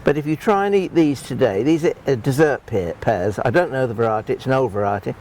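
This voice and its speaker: A man's voice: medium pitch, quick pace, a little mellow, a little hiss or hum. A man presenting a gardening show outdoors, talking in a chatty, homely way as he demonstrates fruit picking. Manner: chatty, homely, rambling with restarts. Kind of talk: friendly practical demonstration.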